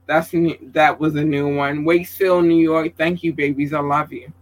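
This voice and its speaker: A man giving casual livestream shout-outs to viewers, effusive and affectionate, calling them babies and swearing casually. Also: a little high, little pitch movement, normal speed, poor audio.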